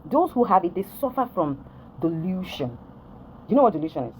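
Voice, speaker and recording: A Nigerian woman talking to her followers in a direct-to-camera rant, with a pitch that swings widely as she presses her point. She is emphatic and repetitive, circling back with "do you understand?" to drive each point home. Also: very animated, a little fast, darkish tone, slight background noise, low-quality recording. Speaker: vlogger addressing followers.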